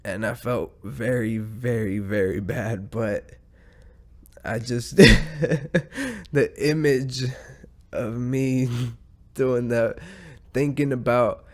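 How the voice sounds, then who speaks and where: A man's voice: mid-range voice, very slow, pauses often. A man hosting a podcast, telling a story in a casual, rambling way, full of swearing and chuckling at himself. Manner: profane, rambling, chuckling through his own story. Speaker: podcast host.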